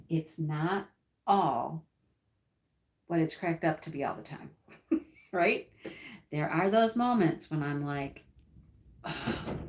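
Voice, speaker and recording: A woman's voice: on the low side, darkish tone. A woman hosting a live stream and chatting casually with viewers, telling a story, laughing often and acting out what people said. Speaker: livestream host. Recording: roomy echoey room.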